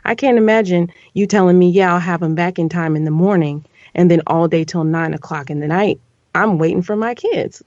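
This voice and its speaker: A woman guest on a casual podcast, telling a story in an animated way, her voice climbing when she gets upset. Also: fairly low pitch, fairly quick, no echo, muffled recording.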